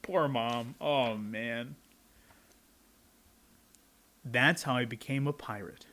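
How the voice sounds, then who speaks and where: A man's voice: medium pitch, measured pace, sharp tone. A young adult man reading a picture book aloud to children, adding chatty asides to his young listeners.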